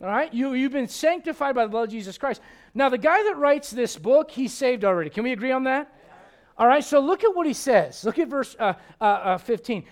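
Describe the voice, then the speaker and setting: A man in his forties preaching a sermon in a church, animated and joking with the congregation between Bible readings. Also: extremely high pitch, brisk. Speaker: pastor.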